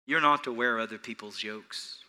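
Bright-voiced man preaching a sermon. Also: mid-range voice, normal speed. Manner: earnest and animated, repeating phrases for emphasis. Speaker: pastor.

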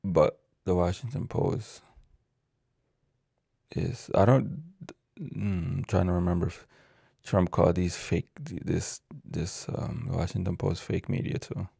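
A man talks in a very low, heavily gravelly voice, rambling and cursing as he trips over words he reads out. His tone is dark and husky, and the recording is dry and close. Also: fairly even intonation, slow, no echo. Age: adult with a child. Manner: profane, rambling, stumbles over words while reading. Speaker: vlogger. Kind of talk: casual ranting monologue.

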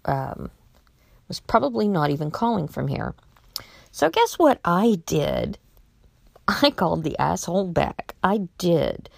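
Woman spinning a story, wry and sardonic, gets animated, bit of fry in the voice. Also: deep voice, no room sound, clean studio sound. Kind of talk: casual anecdote telling.

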